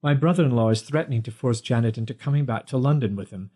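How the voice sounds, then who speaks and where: A man doing a cheeky young actor, quick with a quip. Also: mid-range voice, dark tone, natural voice. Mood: friendly. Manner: bantering, defiant, playful.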